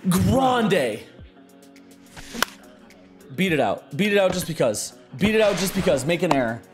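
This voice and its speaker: A young man giving excitable live commentary on his own video game play, muttering one moment and shouting the next. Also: high-pitched, a little slow, music in the background. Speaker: gaming streamer.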